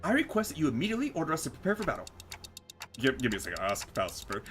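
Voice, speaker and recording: A man's voice: mid-range voice, wildly swooping pitch, very fast, fairly bright tone, faint music behind. A man streaming a story game, reading its text aloud and joking around with casual swearing.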